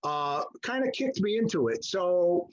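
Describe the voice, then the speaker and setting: An older man telling stories in an interview, animated and acting out the voices of people he quotes. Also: high voice, measured pace. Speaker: guest musician. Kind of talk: storytelling interview. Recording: muffled lo-fi audio.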